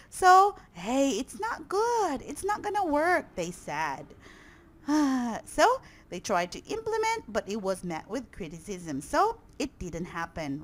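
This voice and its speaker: A woman teaching English vocabulary to students, often checking in with "okay?" and praising answers. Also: medium pitch.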